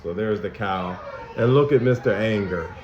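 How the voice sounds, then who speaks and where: A man school counselor giving a lesson to young children, animated and asking them many questions. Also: on the low side, moderate pace, noisy background. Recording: dull, echoey room recording.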